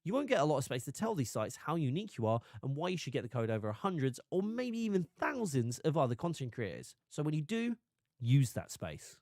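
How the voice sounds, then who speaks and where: A man's voice: a little high, sing-song, a little fast, a little mellow, no echo, studio quality. A man streaming live, chatting casually and animatedly, often restarting and laughing.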